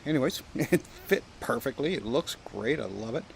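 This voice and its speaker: A man's voice: mid-range voice, animated, normal speed, rough recording. A man from Canada chatting casually outdoors at a campsite, rambling and joking with some profanity. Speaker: pipe-smoking vlogger. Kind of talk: casual outdoor vlog chat. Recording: outdoor recording with clear wind and background noise.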